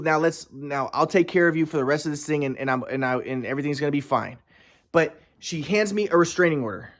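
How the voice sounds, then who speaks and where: A man's voice: high-pitched, a bit bright. Agitated, rambling man telling his story. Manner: agitated, profane, repeats and restarts.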